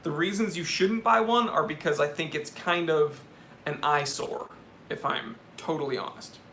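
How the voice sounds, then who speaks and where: Young man, high voice, bright tone, casual livestream chat, candid and joking, faint background hum. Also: normal speed. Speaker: host of a live watch Q&A stream. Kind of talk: casual live-stream chat, reading viewer questions.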